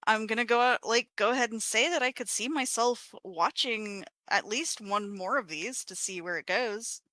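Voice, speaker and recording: A woman's voice: on the high side, sharp tone, no room sound. A woman co-hosting a podcast in casual chat, giggling often and chiming in with her take. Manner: slow, drawling, giggles a lot. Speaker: podcast co-host.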